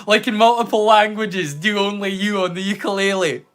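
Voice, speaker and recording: A man's voice: high-pitched, fairly even intonation, normal speed, a bit bright. A man hosting a live movie watch-along, rambling casually with jokes and the odd swear word. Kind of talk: casual live-stream chat.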